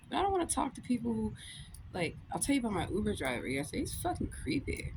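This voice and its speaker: A woman's voice: a little high, wildly swooping pitch, fast talker. A woman in a casual rant to camera, blunt and profane, laughing often, talking as a law student and comedian. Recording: noisy with vehicle sounds behind.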